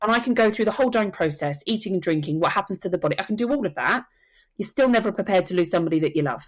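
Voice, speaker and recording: Woman guest, earnest storyteller, mid pitch, chatty podcast guest. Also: expressive, racing. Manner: earnest storytelling, acts out quotes. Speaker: soul midwife and death educator. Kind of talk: podcast conversation.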